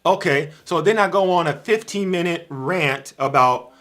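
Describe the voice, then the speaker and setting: A man's voice: fairly high pitch, normal speed, a bit bright. A man giving an informal livestream sermon, emphatic and repeating his key phrases. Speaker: preacher on a livestream.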